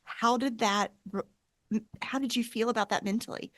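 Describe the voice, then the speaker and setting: A woman hosting an interview, asking a question quickly and rephrasing herself as she goes. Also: a little high, fairly bright tone, no room sound, clean studio sound. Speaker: podcast host.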